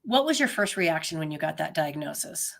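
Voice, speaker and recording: Woman, interview host, halting, lots of fillers, asks questions. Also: deep voice, big pitch swings, vocal fry. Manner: hesitant, many fillers. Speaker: podcast host.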